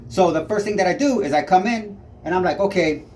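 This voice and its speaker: A tenant's fast, expressive voice sits high but has a darkish tone, and a little hiss or hum runs underneath. Filming a neighbor on a handheld camera, he rants angrily in a vlog with heavy swearing and agitated rambling.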